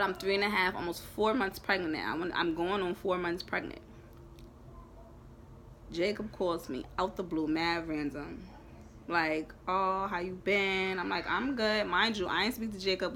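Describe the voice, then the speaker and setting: Bright-voiced New young woman. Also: fairly low pitch, normal speed, slight background noise. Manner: animated, profane, emphatic storytelling. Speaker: vlogger. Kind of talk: storytime chat.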